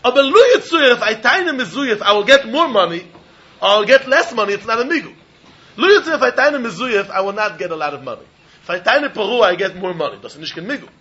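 High, lively Talmud teacher. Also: male voice, fast, dull audio. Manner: animated, questioning, mixes Yiddish phrases into English. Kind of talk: Talmud study lecture.

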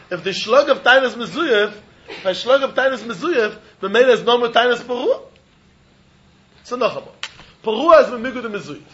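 A man teaching a Talmud study lecture. He pitches questions in a high, bright voice that swoops up and down. The recording is dull and lo-fi. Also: a little hiss or hum. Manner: animated, questioning, mixes Yiddish phrases into English.

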